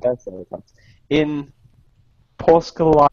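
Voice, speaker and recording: A man's voice: on the high side, slow, no echo, muffled recording. A man co-hosting a casual podcast, reading movie trivia with jokes and laughs. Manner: jokey, laughs often, animated reading. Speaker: podcast co-host.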